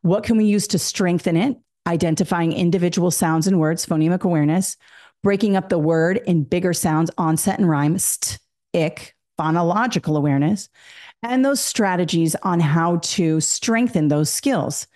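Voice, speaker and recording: A woman's voice: fairly low pitch, moderate pace, a little mellow. A woman teaching an exam prep lesson, explaining step by step and acting out classroom prompts. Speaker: test prep instructor.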